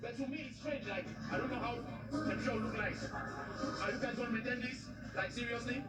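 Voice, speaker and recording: A woman's voice: fairly high pitch, very animated, normal speed, vocal fry, music in the background. A woman speaking in a reality TV clip, with non-native phrasing. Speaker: reality show cast member. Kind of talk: reality TV dialogue. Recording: echoey clip played from far off over TV audio.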